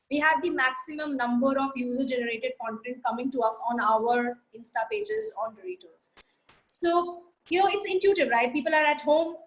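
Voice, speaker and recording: A high-pitched woman with an Indian English accent answers audience questions. She talks in a brisk, confident way and sets out her points in order. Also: fairly bright tone, rough recording. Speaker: marketing guest speaker. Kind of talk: live Q&A answer.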